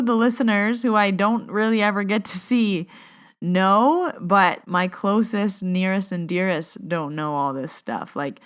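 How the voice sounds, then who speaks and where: A woman's voice: on the low side, clean tone. A young adult woman hosting her own podcast, chatting openly and reading a guided meditation while fighting back tears. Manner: emotional, on the verge of tears. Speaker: podcast host and Reiki teacher. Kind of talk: casual chat and read guided meditation.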